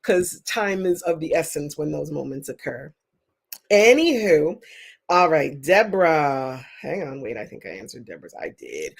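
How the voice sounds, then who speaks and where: A woman's voice: low-pitched, measured pace, creaky, slightly rough. Woman psychic host, chatty and emphatic, live-stream readings. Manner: chatty, emphatic, animated outbursts. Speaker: psychic reader.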